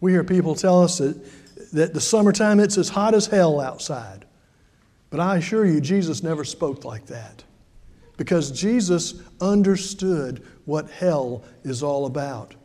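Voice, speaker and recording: Male preacher, high and warm-toned, conversational storyteller with dramatic loud-soft swings; reverberant hall. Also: animated, unhurried. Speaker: pastor. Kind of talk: sermon.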